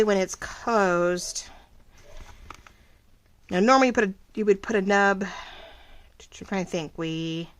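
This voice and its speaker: A woman's voice: mid-range voice, fairly bright tone, slight background noise, rough recording. A woman vlogger chatting casually while she crafts, thinking aloud and restarting her sentences as she goes.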